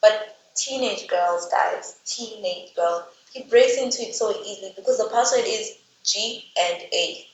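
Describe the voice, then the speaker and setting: A woman's voice: mid-range voice, a little slow, hardly any pauses, slight background noise. A woman casually recapping a book's plot and ranting about the characters, speaking chattily with lots of "like" and exasperated asides. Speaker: book reviewer. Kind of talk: casual book recap and rant. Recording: roomy, slightly dull recording.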